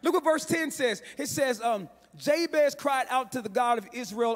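A man preaching a sermon as pastor, in a sing-song style that climbs into shouts and repeats lines for emphasis. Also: very high voice, lively intonation, normal speed, few pauses. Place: large church hall. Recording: long hall reverb.

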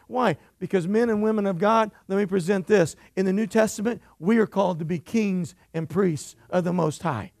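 A man preaching a sermon in church, his voice pitched high with a gravelly edge. He mixes playful jokes into emphatic preaching and keeps calling out for amens. The sound is close and dry. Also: normal speed, few pauses, no echo. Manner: emphatic, jokey preaching with call-and-response. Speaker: pastor.

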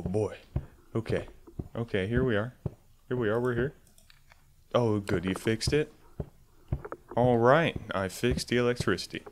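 A man playing a horror game on camera, swearing often and yelping loudly when startled. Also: mid-range voice, slight background noise. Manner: swears a lot, bursts into loud startled yelps. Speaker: let's play gamer.

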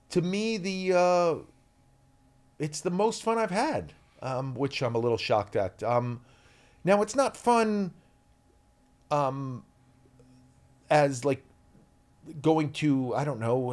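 A man's voice: medium pitch, a little mellow. Chatty rambling man in his forties. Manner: rambling, chatty, self-interrupting. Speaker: guest. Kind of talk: casual interview chat.

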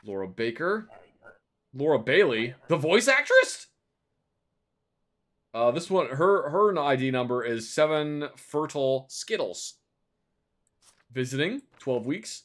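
A man streaming a video game, making sarcastic casual commentary with sudden loud outbursts. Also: medium pitch, expressive, measured pace.

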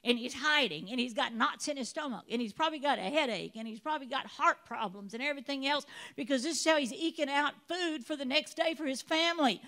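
Woman preacher, high voice, animated storytelling sermon with acted-out voices. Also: quick pace, hardly any pauses. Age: adult. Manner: animated storytelling, acts out voices of biblical figures.

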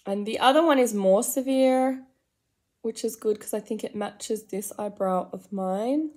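An Australian woman in her forties, fairly high-voiced, chats unhurriedly through a comic makeup tutorial. She rambles and pokes fun at herself. Now and then she drops into a hushed whisper. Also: unhurried. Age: 40s. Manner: rambling, self-mocking, drifts into soft whispered asides. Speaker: makeup vlogger. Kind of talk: comedic get-ready-with-me chat.

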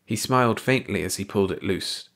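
A man reading a short story aloud as an audiobook narrator, in a measured, even storytelling delivery. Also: fairly low pitch. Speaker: audiobook reader.

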